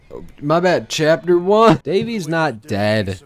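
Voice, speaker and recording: A young man doing loud, profane, excitable commentary while playing a video game. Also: fairly high pitch, measured pace, no room sound. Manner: profane, excitable trash talk. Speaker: gaming streamer. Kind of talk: gameplay commentary.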